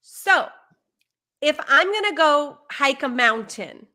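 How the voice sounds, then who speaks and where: A parenting educator gives conversational advice on a live stream in a high, bright, lively voice. She speaks slowly but animatedly, acting out little lines a parent or child might say.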